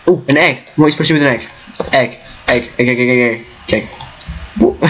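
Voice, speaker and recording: A goofy, excitable man giving casual commentary while playing a block-building game at home. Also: on the high side, moderate pace, highs cut off, slight background noise. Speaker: Minecraft let's player. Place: room at home.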